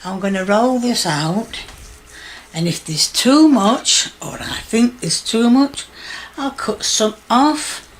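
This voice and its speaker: A woman giving slow, chatty step-by-step instructions in a home cooking demonstration. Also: a little high, a little hiss or hum. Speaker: home cook.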